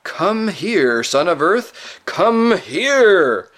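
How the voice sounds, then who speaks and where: A man reading aloud and voicing a great male lion with a deep, grave, slow manner in a storybook. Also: sing-song, fairly bright tone. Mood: commanding.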